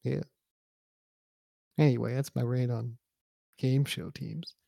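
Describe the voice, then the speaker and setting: Gravelly, dark-voiced man ranting. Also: medium pitch, steady tone, takes it slowly, no echo, studio quality. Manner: laid-back, swears, ranting. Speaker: podcast co-host. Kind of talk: casual wrestling podcast chat.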